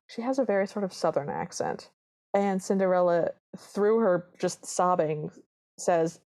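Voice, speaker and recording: Speaking at a normal pace in a medium-pitched voice, this podcast co-host chats loosely about a movie she's recapping. She's an animated storyteller who walks through scenes and performs what the characters say.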